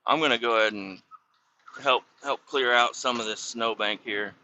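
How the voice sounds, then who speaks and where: A man's voice: mid-range voice, normal speed, sharp tone, highs cut off, a little hiss or hum. A man driving a truck in the snow, telling a rambling, profane story in a casual, irritated way. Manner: rambling, swears constantly, irritated. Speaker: truck driver vlogging. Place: truck cab on a snowy road.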